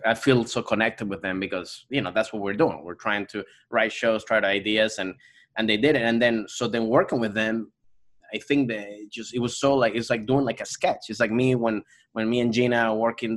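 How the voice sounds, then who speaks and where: A Venezuelan-accented man with a fairly low voice, chatting as a guest on a podcast. He talks loosely, circling back with fillers and restarts as he works out what he means. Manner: rambling, many restarts and fillers. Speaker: actor and comedian guest. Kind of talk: casual podcast interview.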